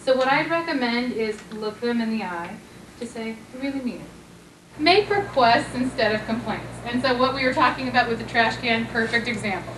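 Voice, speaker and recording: A woman therapist leading a conference workshop, talking gently and coaching her audience, now and then acting out sweet, loving lines. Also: on the high side, a little fast. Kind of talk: conference talk with role-play. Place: conference room. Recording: echoey conference room from far off, noisy.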